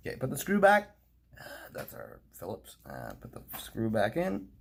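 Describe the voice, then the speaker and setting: His voice is fairly low and creaky, swinging hugely in pitch at a normal speed, with a bit of hiss or hum in the recording. This playful young man narrates a casual hobby video, chatting to himself and his model and slipping into whispers for fiddly work.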